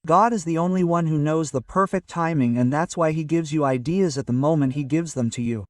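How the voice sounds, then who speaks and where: A man's voice: a little high, brisk, no echo, studio quality, distant mic. A man giving an earnest, casual motivational talk to camera and often checking in with "okay?". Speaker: motivational vlogger. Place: at home early in the morning.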